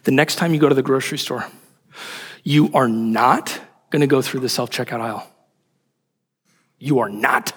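A man preaching a sermon in an animated, emphatic way, asking rhetorical questions. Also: medium pitch, moderate pace, pauses often, husky, in a large hall. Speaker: pastor.

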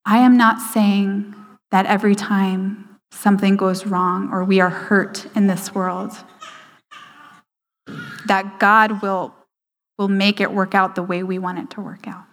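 Woman giving a sermon, slow emphatic pauses, hall echo behind her. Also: medium pitch, little pitch movement. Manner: slow, emphatic pauses with hushed quoted lines. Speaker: speaker at a church service. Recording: hall reverb.

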